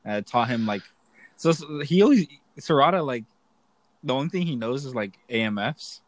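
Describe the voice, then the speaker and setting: A man's voice: medium pitch, animated, moderate pace, no echo. Rambling young man telling barracks stories. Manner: rambling, profane, laughs a lot. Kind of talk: casual chat.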